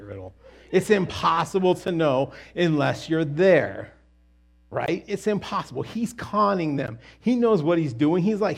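Husky guy telling bible stories casually, jokey asides, pitch all over. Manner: animated and jokey, with quick asides and restarts. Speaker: Bible teacher.

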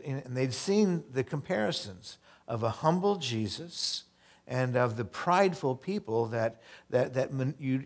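Man preaching a conversational sermon. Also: medium pitch. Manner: reads scripture slowly, then explains in casual asides; conversational, repeats words and restarts. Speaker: pastor.

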